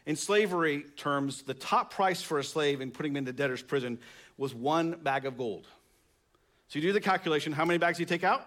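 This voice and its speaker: A man's voice: fairly high pitch, brisk, fairly bright tone. A man preaching in a slightly raised voice. He reads scripture, then talks it through conversationally, pushing key words upward for emphasis. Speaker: pastor. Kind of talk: sermon.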